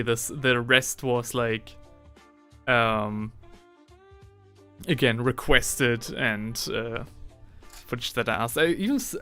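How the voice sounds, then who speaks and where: A young man chatting casually on a live stream, rambling with lots of fillers and slang, and getting excitable at times. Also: medium pitch, dry recording. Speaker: livestreaming miniature hobbyist.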